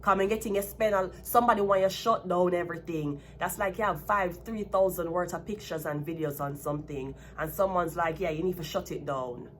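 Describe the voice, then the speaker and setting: A woman's voice: fairly low pitch, a little fast, few pauses, a bit bright, slight background noise. A woman from Jamaica with a Jamaican accent giving a tarot reading, breaking into a blunt, profane rant. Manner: heated ranting, blunt and profane. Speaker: tarot reader. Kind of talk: casual tarot reading vlog.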